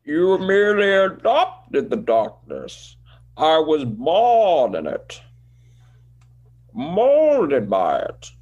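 A man putting on the voice of a grandiose masked male villain, speaking slowly and theatrically. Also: a little high, wildly swooping pitch, darkish tone, highs cut off, pitched above the performer's own voice, exaggerated voice. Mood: menacing. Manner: slow, drawn-out theatrical delivery.

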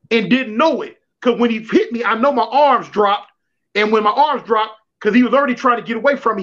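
A man telling prison stories in slangy, repetitive street talk on a livestream call. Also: very high-pitched. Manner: slangy, repetitive, animated storytelling. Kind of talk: casual livestream storytelling. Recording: dull lo-fi livestream audio.

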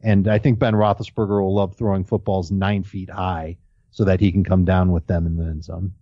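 Podcast co-host, man, warm dark tone, dry lo-fi audio, eager and casual, stumbles and restarts. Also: low-pitched, level tone, brisk, no echo. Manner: enthusiastic, restarts words often. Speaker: fantasy football podcast co-host. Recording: dull lo-fi audio.

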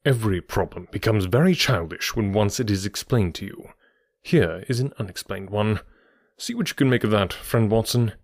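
A man voicing a sharp male detective who explains his reasoning in a measured, faintly superior tone. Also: on the low side, expressive, no room sound, studio quality. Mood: dry. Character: sharp, lecturing male detective, cool and precise.

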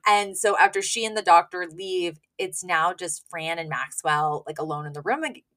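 A woman's voice: lowish voice, normal speed, fairly bright tone. A woman co-hosting a podcast, chatting casually through an episode recap, laughing often and acting out the characters' lines. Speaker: podcast co-host.

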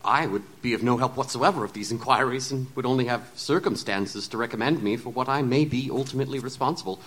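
A man playing a troubled, guilt-ridden gentleman doctor who stammers and talks in an earnest, formal way. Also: mid-range voice, quick pace, close to an everyday voice. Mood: resolute. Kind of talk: audio drama acting.

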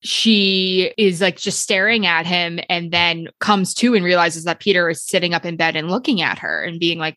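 A woman co-hosting a podcast, retelling film scenes in a measured, explanatory way. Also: on the low side, steady tone, sharp tone, no echo. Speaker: podcast co-host. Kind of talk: casual chat, film recap.

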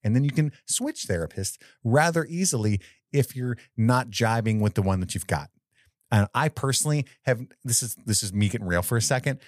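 A man's voice: medium pitch, expressive, brisk, dry recording, clean studio sound. A man co-hosting a podcast, talking candidly and joking around in casual chat. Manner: candid, jokey, does playful character bits. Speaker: podcast co-host.

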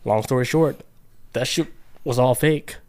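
A man's voice: medium pitch, measured pace, a little mellow. A man co-hosting a casual podcast, with a voice sitting in an ordinary middle register. He tells stories in loose, slangy talk and laughs easily. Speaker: podcast co-host. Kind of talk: casual chat.

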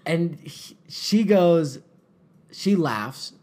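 A man's voice: on the high side, very slow. A man telling a story in casual chat as a podcast co-host, acting out the voices of the people in it and saying "like" a lot. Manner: animated, acts out quoted voices, frequent "like".

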